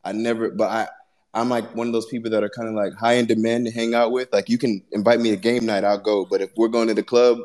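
Low-voiced man speaking reflectively. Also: little pitch movement, a little mellow. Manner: reflective, halting, searching for words. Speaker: guest musician. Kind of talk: casual conversation.

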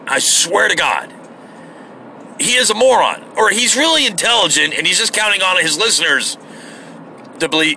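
A man's voice: on the high side, bright, forceful tone, slight background noise. A man delivering a heated, sarcastic monologue full of swearing. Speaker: online commentator. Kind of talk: profane ranting monologue.

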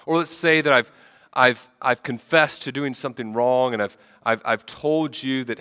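A man's voice: medium pitch, brisk, sharp tone, clean tone, in a large hall. A man preaching a sermon with a head cold, talking conversationally and often repeating words as he starts sentences. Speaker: pastor.

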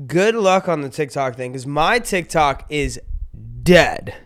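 A man's voice: fairly high pitch, lively intonation, slow pace, a bit bright. A young man hosting a casual podcast chat, telling stories animatedly, acting out quotes and swearing freely. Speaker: podcast host.

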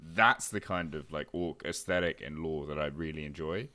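A man's voice: a bass voice, moderate pace, sharp tone. A man co-hosting a hobby podcast, chatting casually and emphatically. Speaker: podcast host. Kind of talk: casual chat.

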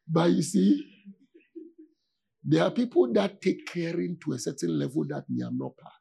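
A man's voice: on the high side, big pitch swings, vocal fry, dark tone, husky. A man, a pastor, giving a conversational sermon in an informal way, often stopping to ask his listeners whether they follow. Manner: informal, asks "do you see?" often, with laughs and pauses.

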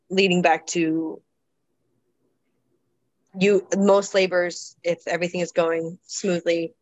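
A woman's voice: on the low side, dry recording, rough recording. A woman guest in a casual interview, talking reflectively with many restarts and fillers. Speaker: guest describing her births.

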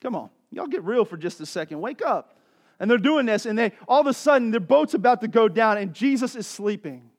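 High-voiced, impassioned preacher. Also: male voice, animated, a little fast, hardly any pauses. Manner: casual, conversational preaching that swells to impassioned pleading. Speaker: pastor. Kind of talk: sermon.

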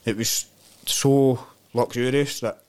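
Chatting casually on a podcast, this Scottish guest spins lively, expletive-filled stories from his travels, often dropping in "mate" and "man." His mid-range voice is smooth, and he speaks slowly.

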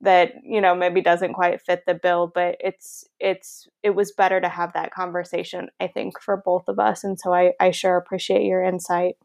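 Gravelly-voiced woman hosting a podcast. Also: fairly low pitch, level tone, normal speed, few pauses, a little mellow. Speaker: podcast host. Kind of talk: podcast interview.

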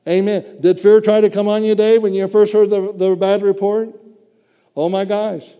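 High-voiced man preaching in a hall. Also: level tone, moderate pace, mellow, clean tone. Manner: fervent, exclaiming praise between phrases. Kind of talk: sermon.

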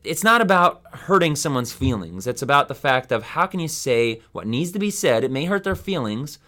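A man's voice: mid-range voice, very animated, normal speed, bright, forceful tone. A man hosting a Bible study podcast, teaching in a casual, rambling way with many fillers and restarts.

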